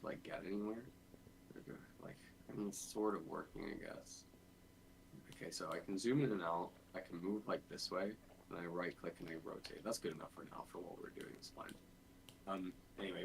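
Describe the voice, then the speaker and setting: A man's voice: sits low, gravelly, a little hiss or hum, low-quality recording. A man streaming game development, thinking aloud in a casual, rambling way with lots of fillers. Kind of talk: casual dev stream chat.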